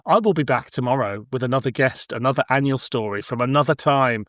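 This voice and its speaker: A man's voice: medium pitch, animated, a little fast, no room sound, studio quality. A man hosting a podcast, chatting easily, laughing along with his guest. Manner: easygoing, laughing along, brief agreements. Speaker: podcast host. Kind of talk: casual chat.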